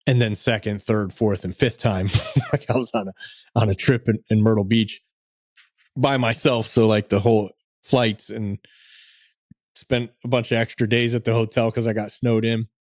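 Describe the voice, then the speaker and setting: A man's voice: fairly low pitch, steady tone, normal speed, darkish tone, no room sound, studio quality. A man co-hosting a podcast, talking in an upbeat, chatty, joking way, slipping into casual ad reads. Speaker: podcast co-host. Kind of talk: casual podcast chat and ad read.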